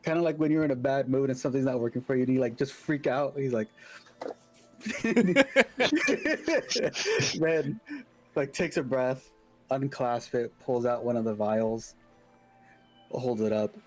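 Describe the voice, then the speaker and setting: A man's voice: mid-range voice, steady tone, moderate pace, mellow, faint music behind, poor audio. A man playing in a tabletop game, casually describing his character's actions with lots of "like". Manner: casual, with frequent "like". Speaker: player.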